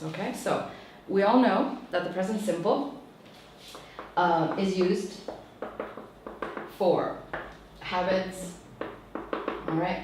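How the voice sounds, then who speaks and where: Her medium-pitched voice has a darkish tone, and a slight hiss or hum runs under it. As a teacher trainer delivering a tutorial lecture, she explains things patiently and follows every point with "okay?", captured by a distant mic in an echoey room.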